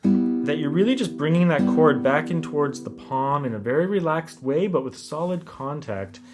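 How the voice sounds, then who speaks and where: A man giving a classical guitar lesson, explaining technique in a relaxed way and counting beats aloud. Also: on the high side, normal speed. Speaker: guitar teacher. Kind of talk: instructional lesson talk. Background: classical guitar playing.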